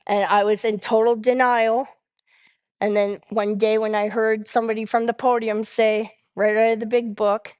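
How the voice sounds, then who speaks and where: A woman's voice: medium pitch, a little mellow, no echo, clean studio sound. A middle-aged woman from Canada speaking as main speaker, giving a candid recovery testimony and often checking in with the audience. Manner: candid, tag question "right?" often.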